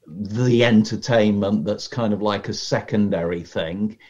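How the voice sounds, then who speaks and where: A man guesting on a podcast as a magician, chatting in a lively, storytelling way and acting out how audiences react. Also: lowish voice. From Britain. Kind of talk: casual podcast conversation. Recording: slightly muffled lo-fi audio.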